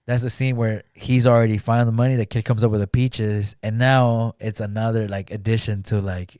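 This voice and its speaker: A man's voice: on the low side, level tone, moderate pace, few pauses, darkish tone, no echo, studio quality. A man in a casual podcast chat retelling a film plot, rambling with lots of "like" and acting out the characters' lines. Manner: rambling, heavy use of "like", acts out quotes. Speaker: podcast guest.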